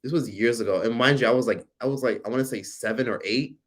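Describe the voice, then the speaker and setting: A man in his forties hosting a casual livestream, telling a personal story with animated, profane delivery and reading viewer comments aloud. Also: medium pitch, fast talker. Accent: American. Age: 40s. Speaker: livestream host.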